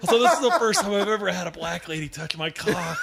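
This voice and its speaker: A man's voice: sits high, expressive, fast, creaky, heavy background noise. A man co-hosting a podcast in casual chat, cracking crude, profane jokes. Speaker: podcast co-host.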